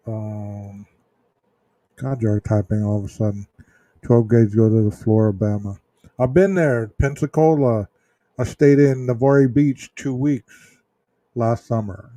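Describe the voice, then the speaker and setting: A man from Texas hosts a casual livestream and talks unhurriedly to his chat, often pausing on ums and restarting his sentences. His voice is dark and mellow, and the recording is dry and close. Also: medium pitch, no echo. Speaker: true crime livestream host. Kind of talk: casual livestream chat reading viewer comments.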